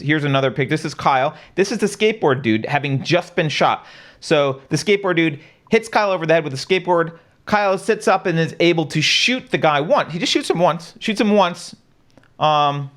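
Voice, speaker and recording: A man hosting a talk show, speaking in a fairly high voice that swings widely in pitch. He lays out a chain of events step by step, poses rhetorical questions to his co-host and keeps checking in with a casual "right?". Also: fairly bright tone. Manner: casual, conversational, says "right?" often. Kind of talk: live-stream commentary.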